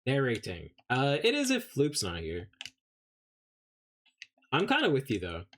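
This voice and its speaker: A man's voice: medium pitch, huge pitch swings, a little slow, fairly bright tone, a little hiss or hum. A man from Canada chatting casually while streaming a game, playful and joking with chat, keeps slipping into put-on English accents. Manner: jokey, answers chat by name.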